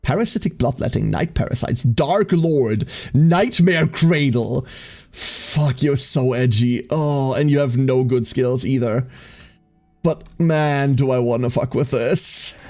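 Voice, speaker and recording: A man's voice: medium pitch, unhurried, warm tone, soft background music. A man giving casual gaming commentary on a stream, wry and sweary, with laughs.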